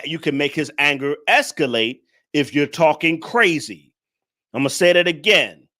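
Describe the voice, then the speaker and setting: Male commentary host, preachy lecturer, bright and somewhat high voice. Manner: preachy, lecturing, repeats points; addresses the audience directly. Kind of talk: reaction commentary on a clip.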